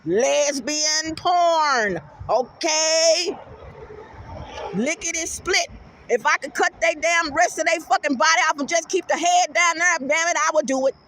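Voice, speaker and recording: Loud cussing lady vlogger, aave, high voice, ranting to camera, faint hum behind. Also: moderate pace. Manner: brash, profane, animated, swings into loud outbursts. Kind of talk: casual rant to camera.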